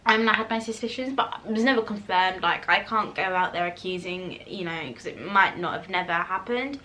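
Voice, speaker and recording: A woman's voice: fairly low pitch, fairly quick, noisy background. A woman, chatting casually to camera as she answers viewer questions, rambling with fillers and restarts. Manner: eating while talking at times. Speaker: YouTuber.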